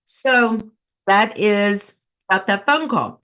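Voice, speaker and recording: A woman's voice: mid-range voice, takes it slowly, fairly bright tone. A woman hosting a laughter yoga session, cheerfully coaxing listeners and breaking into bursts of laughter.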